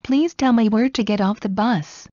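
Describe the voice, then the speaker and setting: A woman reading everyday English phrases aloud one at a time, in slow, evenly spaced delivery for learners. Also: a little high, mellow, no echo. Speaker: English teacher. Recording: dull, dry lo-fi audio.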